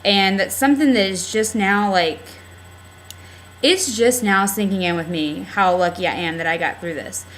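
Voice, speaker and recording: A woman's voice: medium pitch, normal speed, a bit bright, slight background noise, low-quality recording. A young adult woman talking candidly in a casual video diary on a webcam, rambling with lots of fillers. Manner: rambling, candid, heavy use of "like" and "um". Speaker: vlogger.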